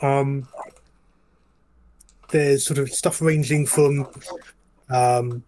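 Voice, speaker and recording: A man's voice: on the high side, a little mellow, a little hiss or hum, rough recording. A man narrating as game master of a tabletop game, describing scenes in a rambling way full of fillers.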